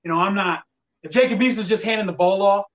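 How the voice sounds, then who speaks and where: A high-pitched man talks football in a loose, rambling way, sounding put out by fickle fans. He sits back from the mic, and the recording is dull and lo-fi. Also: fast talker, distant mic. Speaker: podcast co-host. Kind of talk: casual sports talk.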